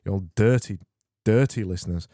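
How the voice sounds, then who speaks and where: Deadpan podcast host. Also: male voice, sits low, normal speed, dry recording. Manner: deadpan, rambling and self-mocking, with stumbles. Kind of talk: comedic podcast monologue.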